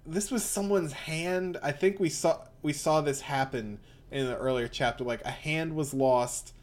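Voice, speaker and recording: A man's voice: fairly high pitch, unhurried. A man reading through a comic aloud in casual, bemused chat. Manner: bemused, rambling.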